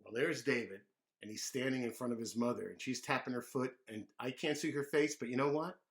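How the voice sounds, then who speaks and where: A man reading a picture book aloud to children, gently pausing to ask them questions. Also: mid-range voice. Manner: gentle, asks kids questions. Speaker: children's storyteller.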